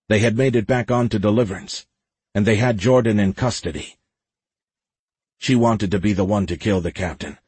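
A man narrating an audiobook in a steady, dramatic storytelling way with a husky voice. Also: fairly low pitch, no echo. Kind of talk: scripted narration.

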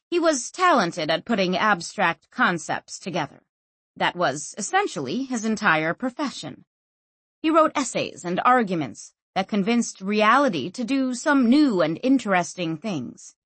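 A woman narrating a fantasy audiobook in an expressive storytelling manner. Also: mid-range voice, husky, no room sound. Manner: expressive, lively storytelling reading.

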